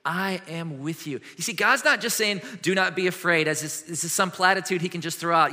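A male pastor delivers a sermon in a large church hall, his bright, fairly high voice carrying a long reverb. He is animated and earnest, swinging from lively questions down to hushed, gentle passages. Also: fairly quick, hardly any pauses.

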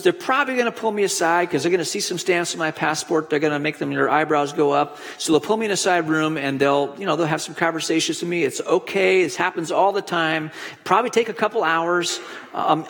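A pastor delivering a conversational sermon, telling stories with frequent restarts. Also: male voice, a little high, brisk, vocal fry, a bit bright, in a large hall. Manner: conversational storytelling preacher with restarts.

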